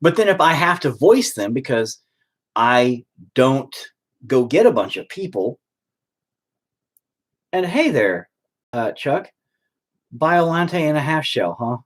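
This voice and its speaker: A man's voice: medium pitch, big pitch swings, takes it slowly, long pauses. A man in a rambling, profane ranting monologue, full of stop-start restarts. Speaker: vlogger.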